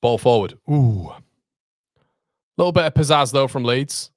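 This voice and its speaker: A young man reacting live to a football match for his fan channel, swinging from groans to excited shouts. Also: mid-range voice, measured pace, no room sound, clean studio sound.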